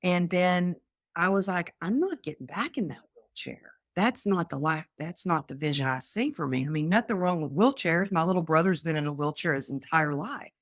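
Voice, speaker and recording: A woman's voice: fairly low pitch, moderate pace, no echo, clean studio sound. A woman from Texas, a guest on an interview show, telling her own story with energy and acting out the voices she quotes. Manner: animated, acts out quoted voices.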